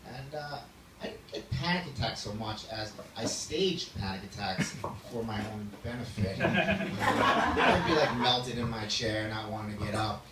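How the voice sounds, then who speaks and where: A man's voice: on the low side, moderate pace. Man doing stand-up in an echoey club. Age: 30s. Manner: self-deprecating, laughs at his own jokes. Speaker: stand-up comedian. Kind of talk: stand-up set. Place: small club stage with audience. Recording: echoey room from a distance, loud noise.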